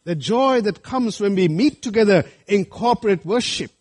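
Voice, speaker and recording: A man's voice: high voice, expressive, moderate pace, a little mellow, slightly rough. A man preaching a sermon, earnest and rising to fervent appeals to his congregation. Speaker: pastor.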